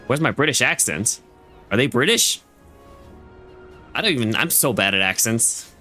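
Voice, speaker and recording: A man's voice: medium pitch, expressive, moderate pace, pauses often, pushed and bright, faint music behind. A man streaming a game, casually joking and bantering with the characters on screen.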